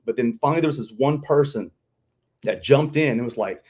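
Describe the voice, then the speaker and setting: A veteran from Kentucky, chatting on a live stream and acting out what people said. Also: male voice, medium pitch, fast. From Kentucky, US South. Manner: animated storyteller, acts out quotes. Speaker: guest, veteran. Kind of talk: casual live-stream chat.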